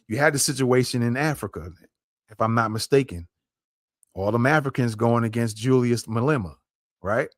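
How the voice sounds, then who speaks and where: A man's voice: mid-range voice, a bit bright, no echo, studio quality. A man hosting a podcast, commenting on a clip in an emphatic way, repeating his points and speaking straight to his listeners. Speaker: podcast host.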